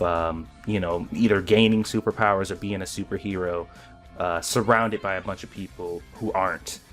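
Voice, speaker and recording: A man giving casual reaction commentary on an anime episode, excited and rambling, often restarting his sentences. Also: fairly low pitch.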